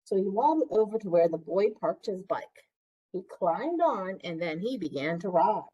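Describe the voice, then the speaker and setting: Librarian lady doing storytime, reads a picture book and keeps asking the kids stuff, lively voice, a bit husky. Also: medium pitch, moderate pace, muffled recording. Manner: interactive, asks children questions. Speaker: children's librarian. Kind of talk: picture-book read-aloud.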